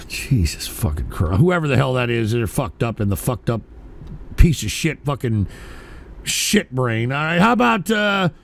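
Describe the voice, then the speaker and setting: A man's voice: mid-range voice, big pitch swings, unhurried, creaky, a little hiss or hum. A profane, easily riled man hosting a call-in radio show.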